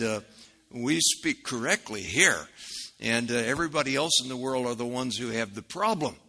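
Midwestern man preaching a sermon, explains things in a folksy, chatty way, with a piercing, breathy tone. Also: a little high, pushed and bright. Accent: Midwestern American. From American Midwest. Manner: explanatory and conversational, with folksy asides. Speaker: Bible teacher.

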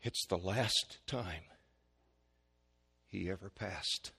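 A male preacher giving a sermon, swinging from hushed, slow pleading to loud, high-pitched shouts. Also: creaky, breathy edge. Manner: dramatic swings from quiet to shouting.

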